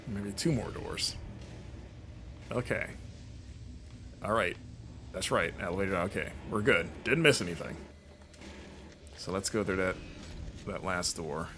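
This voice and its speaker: A man's voice: low-pitched, measured pace, long pauses, bright, forceful tone, a little hiss or hum. A young man from the United States, a streamer and games critic, chatting casually over gameplay and laughing easily. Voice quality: chatty, laughs easily, jumps into playful mock voices.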